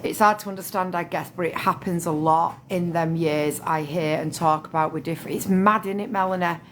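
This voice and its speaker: A woman chats on a phone livestream, repeating herself and swearing freely. Her voice sits fairly low for a woman. A faint hiss of room noise runs underneath. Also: steady tone, brisk. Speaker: livestream host. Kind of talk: casual chat on a live stream.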